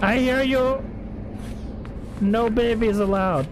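A man's voice: extremely high pitch, slow, noisy background. A man streaming a horror game live, chatting and swearing often with a jumpy, exasperated manner. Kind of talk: live gameplay commentary. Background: game music.

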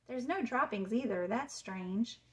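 An eager young boy with a raised, excited voice, put on by a woman reading aloud. He is easily worried, and his lines pop up a little higher than the narration around them. It has the feel of a storybook read-aloud. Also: unhurried.

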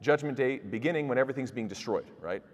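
A man's voice: medium pitch, fast talker, long reverb tail. A man giving a Quran lecture in a mosque, explaining verses through rhetorical questions to his audience and reciting the Arabic in classical pronunciation. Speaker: Quran teacher. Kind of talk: tafsir lecture. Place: mosque hall.

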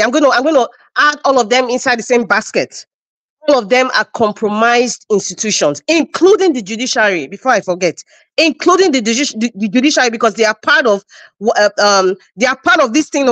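Impassioned high-voiced woman. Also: fairly bright tone, no echo. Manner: impassioned, repeats phrases for emphasis. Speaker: commentary show host. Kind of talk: opinionated live-stream commentary.

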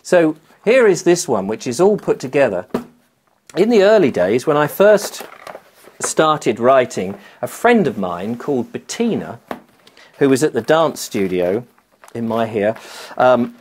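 A middle-aged man, a children's author, chatting to camera in a rambling, animated way. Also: medium pitch, measured pace, a little hiss or hum. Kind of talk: casual talk to camera.

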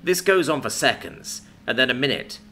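Lively-voiced male story narrator. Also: mid-range voice, moderate pace, creaky, slight background noise. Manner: expressive dramatic reading. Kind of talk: scripted narration.

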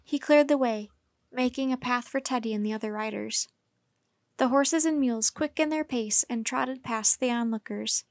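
A woman reading a children's chapter book aloud in a calm, measured way. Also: a little high, dry recording, clean studio sound. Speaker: storyteller.

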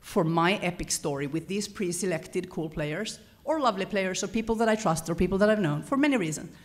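Woman, conference speaker, low-ish voice, conversational lecture with frequent self-corrections. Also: fairly quick. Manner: animated, self-correcting, chuckles between points. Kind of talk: lecture-style talk to an audience.

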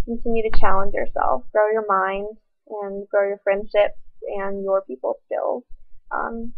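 A woman's voice: mid-range voice, creaky. A woman, a former camper, encouraging campers to make the most of camp. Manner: encouraging, rallying. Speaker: camp alumna. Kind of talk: recorded message to campers. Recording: tinny phone-like sound.

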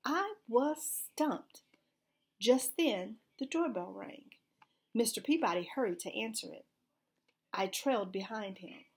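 A woman reading a children's storybook aloud in an expressive, animated way. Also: medium pitch, unhurried, slightly rough.

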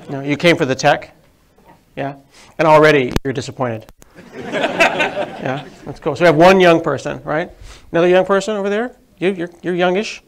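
A man's voice: a little high, a little slow, pauses often, slight background noise. A man in his forties with a sniffly cold, giving a self-deprecating, chatty live tech talk to an audience in a meeting room. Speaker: tech presenter. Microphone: handheld mic.

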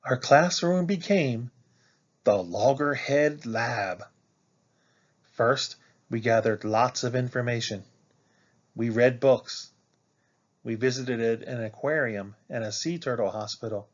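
A man reads a children's picture book aloud for a classroom, slow and expressive, in a mid-range voice. The recording is a little dull and muffled. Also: mid-range voice. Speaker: read-aloud teacher.

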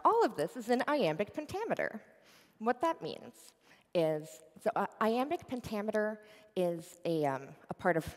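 A young woman giving a conference talk, explaining things in an animated way with frequent fillers. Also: on the low side. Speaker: conference speaker. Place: conference hall. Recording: hall with long reverb.

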